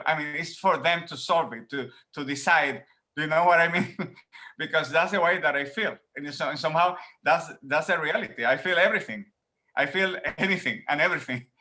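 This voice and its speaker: A man from Rico, a professor answering interview questions in an animated way, laughing often and repeating words as he thinks, talking from home. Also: fairly high pitch. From Puerto Rico. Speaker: professor guest.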